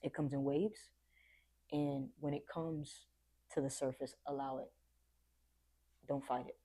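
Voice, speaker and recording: A woman's voice: extremely low pitch, steady tone, measured pace, dark tone. A young adult woman talking earnestly and reflectively in a casual podcast conversation, sometimes acting out what people said. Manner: reflective, earnest, acts out quoted voices.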